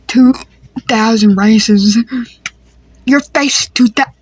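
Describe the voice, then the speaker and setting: A woman's voice: a little high, drawn-out words, long pauses, husky, dry recording. A woman improvising a comedy family skit, talking in a playful, teasing, slangy way. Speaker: creator voicing a family skit.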